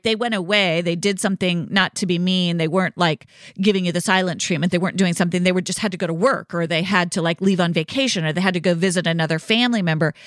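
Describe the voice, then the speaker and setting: A woman's voice: fairly low pitch, no room sound, clean studio sound. A woman hosting a solo podcast, explaining in a conversational, reassuring way with frequent "right?" asides. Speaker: podcast host.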